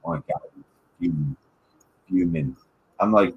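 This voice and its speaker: Speaking at a moderate pace with frequent pauses, this podcast host from Michigan has a fairly low voice as he tells profane, meandering stories in a casual chat. The audio is muffled, with a faint hiss or hum.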